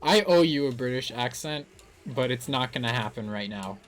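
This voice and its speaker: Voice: medium pitch, animated, normal speed, faint music behind. A streamer giving live gameplay commentary, playful and laughing, joking about attempts at silly accents.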